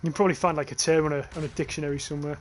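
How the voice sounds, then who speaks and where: Northern English young male streamer, casual, sweary, slightly high-pitched, faint background hiss. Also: fairly even intonation, very fast. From northern England. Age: young adult. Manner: chatty, swears freely, reads chat aloud. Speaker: livestreamer. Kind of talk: casual gaming livestream chat.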